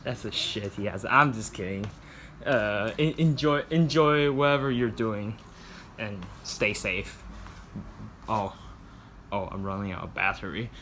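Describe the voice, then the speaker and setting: A man's voice: fairly low pitch, unhurried, pauses often, fairly bright tone, a little hiss or hum. A teenage boy filming a cooking vlog in his home kitchen on a phone, joking brashly, swearing a lot and rambling off topic. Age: teens. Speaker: vlogger.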